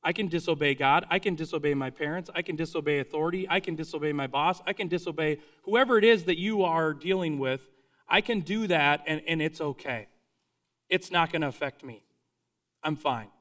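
A preacher putting on a carefree man who waves off every warning with a shrug, in a casual, everyday voice pitched a little high. The tone stays easy and unbothered. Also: brisk, fairly bright tone, close to an everyday voice. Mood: dismissive. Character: nonchalant prophet brushing off danger.

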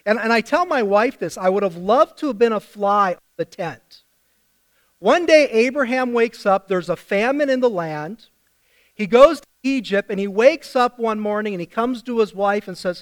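A middle-aged male pastor delivers a sermon in a high voice. He speaks slowly and tells the story vividly, stopping again and again to ask the congregation questions. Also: a bit bright.

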